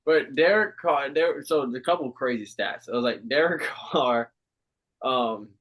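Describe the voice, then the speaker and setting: A man's voice: mid-range voice, a little slow. A man co-hosting a podcast, chatting casually about football, swearing and laughing as he talks. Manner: animated, swearing, laughing often. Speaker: podcast co-host. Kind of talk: casual sports chat.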